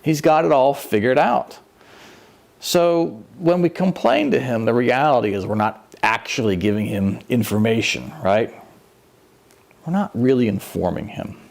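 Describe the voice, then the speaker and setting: Gravelly, lively-voiced man preaching. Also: mid-range voice, a little slow. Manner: conversational, animated, self-mocking. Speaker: minister. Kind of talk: sermon. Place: church.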